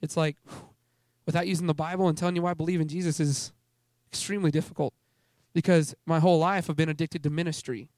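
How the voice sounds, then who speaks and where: A man's voice: a little high, fairly even intonation, quick pace, darkish tone, no echo, studio quality. A young man giving an earnest, rambling testimony sermon, often restarting his sentences. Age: young adult. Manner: earnest, rambling, self-interrupting. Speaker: speaker at a youth ministry gathering.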